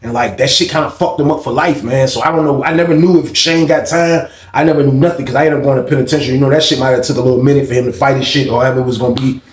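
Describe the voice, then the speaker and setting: A man's voice: mid-range voice, fairly even intonation, rapid-fire, hardly any pauses, reverberant. A man casually telling a story from his time in jail, swearing freely and often asking "you know what I mean".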